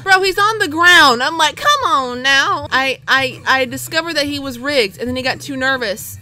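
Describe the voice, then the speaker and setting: A young woman giving excitable gameplay commentary, shouting and groaning as she plays. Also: high-pitched. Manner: shouts and wails at losses, excitable. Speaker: gaming video host.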